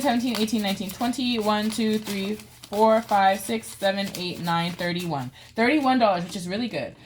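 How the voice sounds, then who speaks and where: A woman's voice: medium pitch, a little hiss or hum. A woman hosting a casual budgeting vlog, chatting through dice-roll savings games with playful groans and cheers. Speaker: budgeting channel host.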